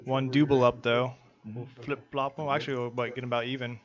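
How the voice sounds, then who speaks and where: A man's voice: medium pitch, little pitch movement, fairly quick. A man doing casual, joking play-by-play on a live poker stream. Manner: joking, chatty banter. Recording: dull lo-fi stream audio, faint noise.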